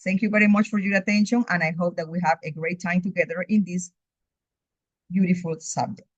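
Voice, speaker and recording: A woman's voice: lowish voice, steady tone, fairly quick, no room sound. A woman teaching English, whose first language is Spanish, reading methodically through a course outline in a recorded overview. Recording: dull lo-fi recording, dry.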